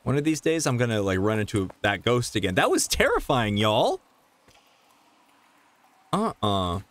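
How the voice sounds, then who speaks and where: A man's voice: medium pitch, wildly swooping pitch, measured pace, long pauses, dry recording. A man doing live commentary on a horror game, exclaiming and laughing as he plays. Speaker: streamer.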